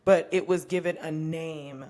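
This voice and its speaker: A woman's voice: low-pitched, steady tone, unhurried, warm tone. A young woman co-hosting a casual podcast, talking candidly and with profanity, often laughing. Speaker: podcast co-host.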